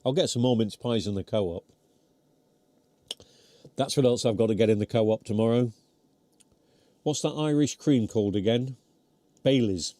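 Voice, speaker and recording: Mellow-voiced British man rambling on a live stream. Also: mid-range voice, dry recording. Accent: British English. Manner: rambling, chatty, self-deprecating; talks while chewing. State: voice getting worn. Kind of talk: casual live chat reading comments. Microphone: close mic near mouth.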